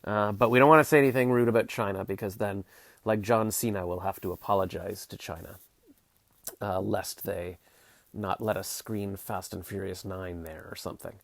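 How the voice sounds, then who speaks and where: Canadian guy, 40s, livestream chat; lowish voice, very dry close sound, wry rambler. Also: fairly even intonation, normal speed, dry recording. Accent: Canadian English. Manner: rambling, many fillers and restarts, wry sarcastic asides. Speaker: vlogger answering live chat.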